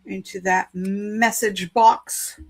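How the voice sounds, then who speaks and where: A woman's voice: mid-range voice, fairly even intonation, slow, vocal fry, over loud music. A woman giving spiritual card readings on a live stream, chatty, playful and encouraging.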